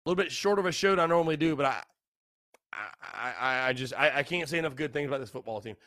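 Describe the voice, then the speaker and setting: A man's voice: medium pitch, animated, fast, sharp tone, no echo, studio quality. A young man hosting a casual solo podcast, tipsy, rambling and repeating himself. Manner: rambling, repetitive, loose and tipsy. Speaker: podcast host.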